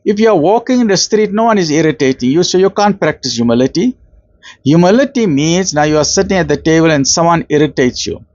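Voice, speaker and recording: A man's voice: a little high, expressive, quick pace, a little mellow, dry recording, highs cut off. A man with a South African accent giving a conversational religious talk, slipping in Arabic terms and acting out the voices he quotes. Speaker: Islamic lecturer.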